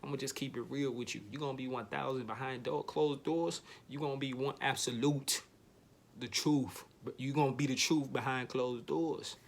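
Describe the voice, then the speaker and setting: A man at normal speed vlogs a casual, slangy motivational monologue that repeats itself, with slight background noise behind him. Every so often he shifts up into a higher, animated voice.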